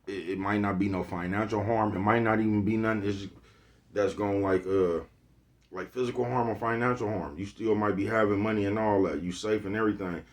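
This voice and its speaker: Laid-back deep-voiced man vlogging. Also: steady tone, brisk. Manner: laid-back, repeats "you know what I'm talking about". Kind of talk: casual motivational monologue.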